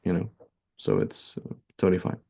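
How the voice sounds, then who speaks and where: A man's voice: deep voice, very animated, moderate pace, vocal fry, mellow, breathy edge. A man teaching a conversational religious lesson, explaining points and often checking in with a rhetorical "right?", with Arabic terms mixed into his English. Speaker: Islamic teacher.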